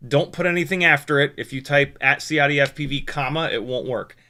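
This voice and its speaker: Bright-voiced man chatting on a stream. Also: a little high, fairly quick. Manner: rambling, self-mocking, frequent restarts. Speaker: streamer reading chat. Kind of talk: casual live-stream chat. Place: home workshop at a workbench.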